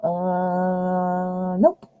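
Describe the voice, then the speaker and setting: A woman's voice: lowish voice, completely flat delivery, drawn-out words, warm tone, no room sound, highs cut off. A woman giving a live-stream tarot reading, chatting directly to viewers with lots of fillers and friendly asides. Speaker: tarot reader.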